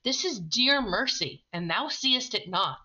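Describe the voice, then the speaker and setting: A stern older friar giving a firm scolding, as a woman reads him aloud in a bright voice. It is heard on dull, lo-fi audio. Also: on the high side, lively intonation, a little slow, voice pushed up, heavily acted. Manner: firm, admonishing reading.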